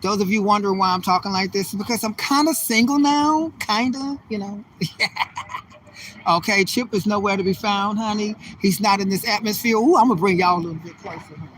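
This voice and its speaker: Sassy man on a walking vlog, high bright voice, calls viewers honey and baby, distant phone mic, faint traffic behind. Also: brisk. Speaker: vlogger. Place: outdoors on a street.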